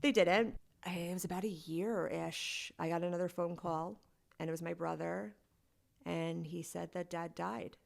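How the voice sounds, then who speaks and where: A woman guest talks through a personal story in a podcast conversation. Her voice sits somewhat low, with a gravelly, creaky fry. She speaks candidly and casually, with plenty of "like.". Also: fairly even intonation, a little slow. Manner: candid and conversational, heavy use of "like".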